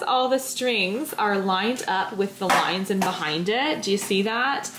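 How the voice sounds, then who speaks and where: Mom chatting thru her day in the kitchen, kinda echoey, mid pitch voice. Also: a little slow, heavy background noise. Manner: chatty, explaining as she goes. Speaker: homeschooling mom vlogger. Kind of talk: casual day-in-the-life vlog narration. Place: home kitchen. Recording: echoey room.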